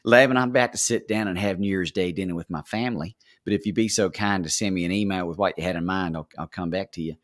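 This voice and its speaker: A man's voice: deep voice, fast talker, few pauses, lightly acted. A man voicing a polite American woman author with a Texan accent, speaking graciously on the phone. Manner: gracious, composed phone manner.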